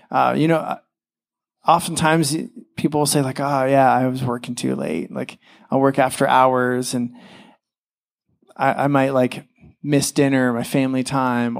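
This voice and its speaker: A young man preaches in a loose, conversational way, stumbling over fillers and slipping into quick impressions of the people he quotes. His voice sits a little higher than most men's. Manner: casual, chatty preaching with many fillers and acted-out quotes. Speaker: pastor. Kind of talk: sermon.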